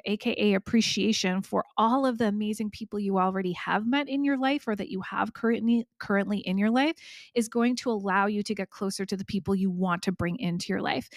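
Woman podcast host, encouraging direct coaching, mid pitch, dry recording. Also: creaky, no room sound. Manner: warm encouraging, speaks directly to listener. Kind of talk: solo podcast coaching talk.

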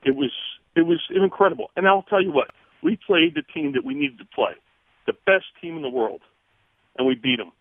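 A man's voice: a little high, brisk, dry recording. A man calling in to a radio show, emotional and choked up, repeating himself as he talks. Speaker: caller. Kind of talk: phone call to a sports radio show. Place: on the phone. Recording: tinny phone line.

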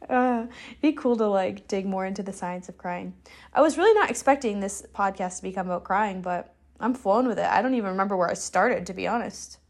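A woman's voice: medium pitch, brisk. A young adult woman, hosting a solo podcast in a loose, candid, rambling way with lots of "like". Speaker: podcast host.

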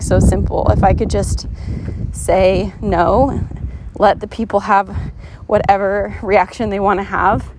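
Woman podcast host, mid-pitched, casual and earnest, encouraging tone with frequent fillers. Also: background noise. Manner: chatty, many "like" fillers and restarts. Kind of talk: casual motivational podcast talk.

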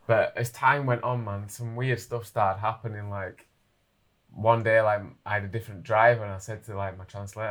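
A man, telling a story in an animated, casual way with lots of fillers. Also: lowish voice, fairly quick. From England.

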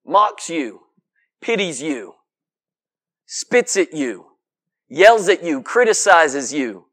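A man's voice: high-pitched, fairly bright tone. A man preaching a sermon to a congregation in an emphatic, folksy way, piling up lists and asking rhetorical questions.

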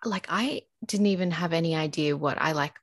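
A young adult woman co-hosting a podcast, speaking reflectively in casual chat, often pausing to find her words. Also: deep voice, no room sound. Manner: reflective, searching for words, laughs softly. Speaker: podcast co-host.

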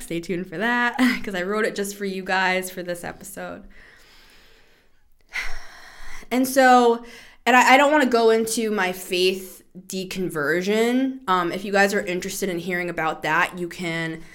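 A woman in her thirties hosting a casual tarot reading show, chatty and animated, laughing often and swearing freely. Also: mid-range voice, normal speed. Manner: animated, shifts into playful voices. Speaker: tarot podcast host.

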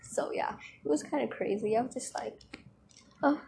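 Rambling teenage girl vlogging, high voice. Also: fairly quick, vocal fry, dark tone, a little hiss or hum, low-quality recording. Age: teens. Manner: rambling, easily distracted, filler-heavy. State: dry throat. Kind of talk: casual chatty vlog.

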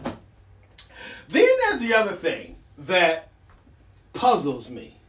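Animated man, high and lively, echoey room. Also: drawn-out words, far from the mic, slight background noise. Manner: animated, blunt and sardonic. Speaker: podcast host. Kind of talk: casual solo monologue.

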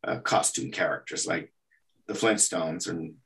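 A man's voice: low-pitched, measured pace, gravelly, distant mic. A man from El Paso, an animation artist, telling stories in an interview and acting out the quotes. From El Paso, Texas. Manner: animated storyteller, acts out quotes. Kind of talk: anecdotal storytelling.

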